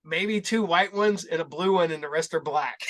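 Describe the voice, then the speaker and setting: A middle-aged man hosting a podcast, telling rambling, animated stories in casual chat and laughing along. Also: a little high, moderate pace. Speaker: podcast host.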